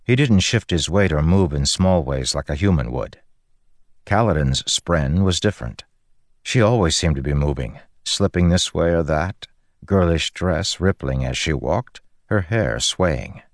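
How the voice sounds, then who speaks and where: Deep-voiced male audiobook narrator. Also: no room sound, clean studio sound. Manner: even, measured.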